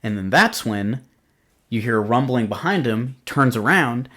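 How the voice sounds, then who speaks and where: This male podcast host speaks at a measured pace with a medium pitch, and his voice comes across pushed and bright with lively intonation. He's casually reviewing horror films, rambling, dropping lots of fillers and cursing without restraint.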